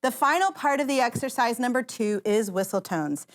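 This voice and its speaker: Over loud piano accompaniment, a woman vocal coach encourages her singers and walks them through exercises during a voice lesson. She speaks at a normal speed in a slightly high voice with lively intonation.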